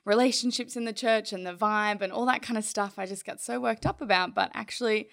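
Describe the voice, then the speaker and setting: A young woman, a youth leader, chatting casually on a church podcast, relaxed and quick to laugh. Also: mid-range voice, vocal fry.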